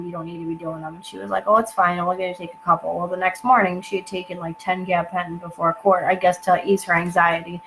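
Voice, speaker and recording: Low-voiced woman telling a story. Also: fairly bright tone, a little hiss or hum, rough recording. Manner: halting, with many fillers and asides. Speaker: channel host telling her story. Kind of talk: personal storytelling to camera. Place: at home.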